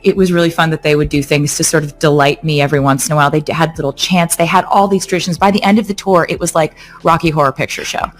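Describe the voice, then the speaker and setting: A woman singer, a podcast guest, telling stories in a casual, animated way with many fillers like "like" and "um.". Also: deep voice, quick pace, hardly any pauses, faint music behind. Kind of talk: casual chat.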